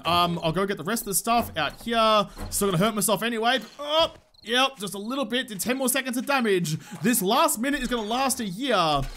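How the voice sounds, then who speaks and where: A man's voice: high voice, fairly bright tone, slight background noise. A young man giving frantic, swearing commentary to himself while playing a video game. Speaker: gaming channel host. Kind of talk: live gameplay commentary.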